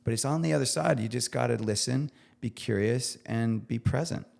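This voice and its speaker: A man's voice: mid-range voice, normal speed, vocal fry, a little mellow. A man in his forties, a guest chef talking earnestly on a podcast, often restarting as he searches for words. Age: 40s. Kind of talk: reflective podcast conversation.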